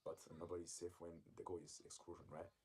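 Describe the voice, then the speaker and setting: A man with a very deep voice hosts a reaction commentary, talking quickly to his viewers. He fills his speech with hesitation sounds, and faint noise sits behind him. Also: little pitch movement, a little mellow. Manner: filler-heavy, addressing viewers. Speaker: commentary channel host.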